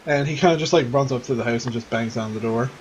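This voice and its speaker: A man's voice: medium pitch, fast, darkish tone, muffled recording, a little hiss or hum. A man running a tabletop game as game master, narrating loosely with lots of "like" and "kinda". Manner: loose, filler-heavy narration.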